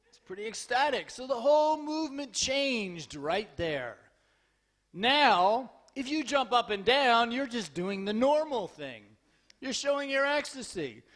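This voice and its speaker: A man with a very high voice gives a lively sermon in a temple hall. He tells stories with humor and acts out the dialogue. Then he turns urgent and spurs his listeners to keep their enthusiasm. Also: a little slow. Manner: urgent and exhorting. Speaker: lecturer giving a scripture class.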